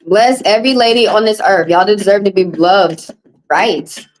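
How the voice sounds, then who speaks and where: A woman's voice: medium pitch, normal speed, poor audio. A woman, a tarot reader live-streaming and chatting with viewers in a blunt, casual, profane way. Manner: blunt, casual, profane, talks straight to chat.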